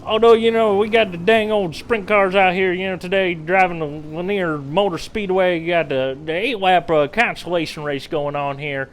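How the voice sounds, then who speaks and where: A man's voice: high-pitched, normal speed, hardly any pauses, slight background noise, close to an everyday voice, low-quality recording. A man putting on a fake Southern accent to play a folksy race commentator with a drawl. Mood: excited hamming. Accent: put-on American Southern. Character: fake Southern good-old-boy race commentator, hammy.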